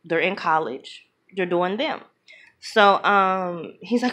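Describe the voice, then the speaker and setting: Animated woman retelling a movie plot. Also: medium pitch. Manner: animated, acts out characters' lines in quick voices; blunt, opinionated commentary. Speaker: movie reviewer.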